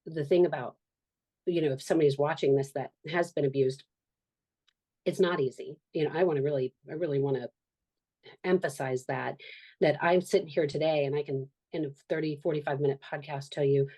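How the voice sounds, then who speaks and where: Woman, fifties, low voice, mellow tone, earnest, reflective podcast guest. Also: steady tone, moderate pace. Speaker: guest, author and social worker. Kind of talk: candid podcast conversation.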